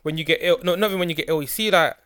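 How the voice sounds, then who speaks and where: A young man chats in a lively, animated way on a casual podcast, often backing his friend up with a quick yeah. He talks fast in a slightly high voice. The recording is close and dry. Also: smooth, dry recording. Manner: animated, agreeing with many yeahs and bros. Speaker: podcast co-host. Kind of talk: casual chat.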